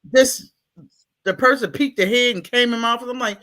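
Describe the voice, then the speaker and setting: A woman from Baltimore, USA, with a matching accent, is a school staff guest in an interview. Her voice is a little high at normal speed, and she tells stories casually and animatedly, laughing and acting out quotes in exaggerated voices.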